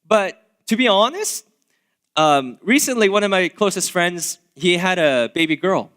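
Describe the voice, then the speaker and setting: A man in his thirties, a pastor, preaches a sermon in a church sanctuary in a high, unhurried voice. His delivery is casual and conversational, full of fillers and asides. He's animated, swinging from loud asides to quiet remarks.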